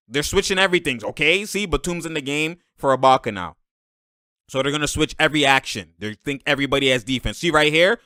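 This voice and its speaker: A man hosting a basketball film breakdown, talking in an animated, slangy way, laughing often and calling out to the players on screen. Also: sits high, no room sound, studio quality. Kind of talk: excited play-by-play breakdown commentary.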